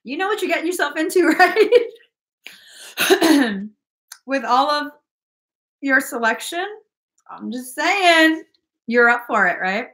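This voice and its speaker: A woman's voice: sits high, lively intonation, takes it slowly, long pauses, pushed and bright. A young woman chatting casually on a livestream as a spiritual energy reader, giggly and playful, swearing now and then.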